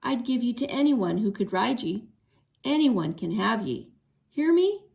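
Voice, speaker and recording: A woman voicing a snarling, cruel older man who owns a horse, in a slow, menacing growl, with a slightly gravelly voice. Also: on the high side, animated, a little mellow. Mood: furious. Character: snarling cruel old male horse owner.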